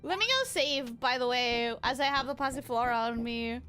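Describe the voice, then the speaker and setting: A woman streaming a video game and talking through it live, excitable and swearing, often repeating herself. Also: high-pitched, normal speed, faint music behind. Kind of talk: live gameplay commentary.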